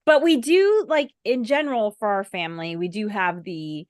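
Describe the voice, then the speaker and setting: A woman's voice: medium pitch, normal speed, dry recording, clean studio sound. A woman co-hosting a casual chat, talking easily and laughing often. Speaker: co-host.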